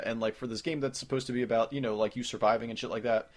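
A man co-hosting a casual gaming podcast, talking loosely with plenty of swearing and quick interjections. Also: mid-range voice. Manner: loose, profane, quick to jump in. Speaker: podcast co-host.

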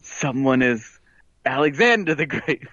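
A man's voice: mid-range voice, lively intonation, unhurried, pushed and bright, dry recording. Boastful male wedding planner caller, put on by a man, dry and muffled. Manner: boastful, keeps saying "let me tell you something". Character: smug male video game wedding planner. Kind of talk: comedic improv character.

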